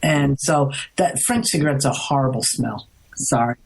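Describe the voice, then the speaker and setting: A middle-aged woman from the United States, a guest in an interview, telling a story in an animated, rambling way, restarting often. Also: a bass voice, normal speed, gravelly, slightly rough, rough recording. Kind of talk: casual storytelling.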